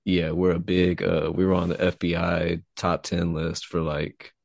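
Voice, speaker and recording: A man's voice: sits low, flat delivery, measured pace, gravelly, darkish tone, dry recording, clean studio sound. A man from Texas, a writer talking loosely and profanely as a guest in a casual interview. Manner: loose and profane, laughing easily.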